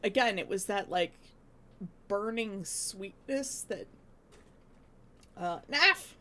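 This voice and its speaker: A woman's voice: medium pitch, slow pace, a bit bright. A young woman from Canada, chatting casually with her stream chat in a rambling way, full of restarts.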